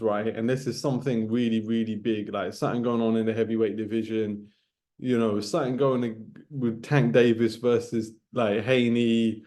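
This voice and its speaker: A man's voice: medium pitch, dark tone. A man in his late thirties rants casually to camera about boxing. He repeats himself for emphasis and ends his phrases with 'man' and 'bro'. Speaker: boxing commentator vlogger. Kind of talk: casual ranting monologue to camera.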